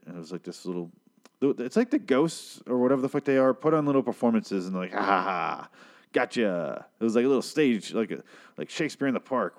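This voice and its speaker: A man giving a crude, sarcastic recap of a TV episode, tossing in quick asides. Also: mid-range voice, a little mellow. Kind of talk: casual profane TV recap.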